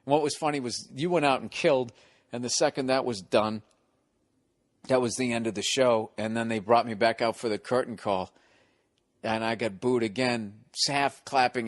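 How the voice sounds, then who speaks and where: Brief: middle-aged male podcast host, crude storyteller, mid-pitched voice, dry close sound. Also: fairly bright tone, dry recording. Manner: profane, acts out the people in his stories. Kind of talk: casual chat, storytelling.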